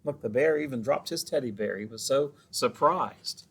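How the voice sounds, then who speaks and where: A man's voice: mid-range voice, moderate pace, breathy edge. A man who is a children's librarian, reading a picture book aloud with chatty asides to the children.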